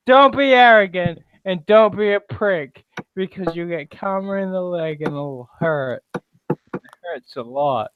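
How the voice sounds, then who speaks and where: Slow, brash man on a call. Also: sits high, narrow, tinny audio, a little hiss or hum. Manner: brash, teasing, swears freely. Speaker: hangout participant. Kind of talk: casual chat on an online call.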